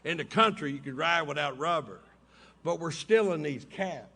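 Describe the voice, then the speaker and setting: This recovery meeting speaker has a highish, bright, forceful voice and talks expressively at normal speed. In a hotel ballroom, he shares humorous, folksy stories and laughs at his own humor.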